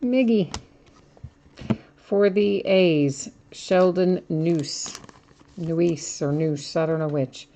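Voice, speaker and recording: A woman hosts a live card break, opening packs and reading out each card name as she chats casually and laughs at herself. Her lowish, mellow voice moves slowly with lively intonation.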